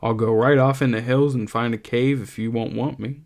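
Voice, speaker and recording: A man's voice: mid-range voice, steady tone, normal speed, darkish tone, close to an everyday voice. A man voicing a simple-minded, childlike big man who pleads in a plain rural drawl. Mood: pleading.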